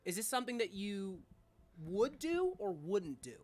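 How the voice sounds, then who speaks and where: A woman's voice: medium pitch, sing-song, measured pace, a little mellow. A young adult woman narrating a tabletop game as game master, casual and rambling with fillers and swearing.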